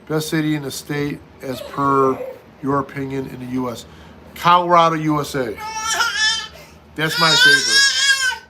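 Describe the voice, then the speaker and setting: A man's voice: mid-range voice, fairly even intonation, moderate pace, very noisy. A middle-aged man hosting a casual livestream, reading viewer comments aloud and answering each one in turn. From United States. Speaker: livestream host.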